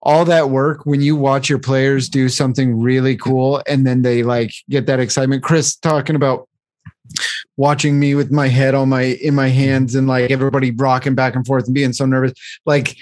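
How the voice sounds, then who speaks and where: A man's voice: mid-range voice, flat delivery, normal speed, a little mellow, dry recording, clean studio sound. A man co-hosting a casual podcast about tabletop gaming, rambling and laughing at himself. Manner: rambling, laughs often, self-deprecating. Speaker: podcast co-host, dungeon master. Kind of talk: casual chat.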